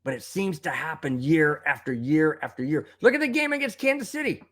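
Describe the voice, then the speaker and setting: A man's voice: fairly high pitch, animated, a little fast, a bit bright. A man hosting a live sports talk stream, ranting in a worked-up way, reading viewer comments aloud and coughing now and then from a tickle in his throat. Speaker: live show host.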